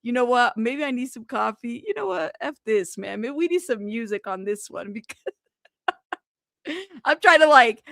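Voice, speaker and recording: A woman with a gravelly, fry-laden voice pitched a little high hosts a live stream. She reacts loudly to viewer comments, laughing and swearing along the way. The sound is close and dry. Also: lively intonation, moderate pace, no room sound. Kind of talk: casual live commentary reading chat.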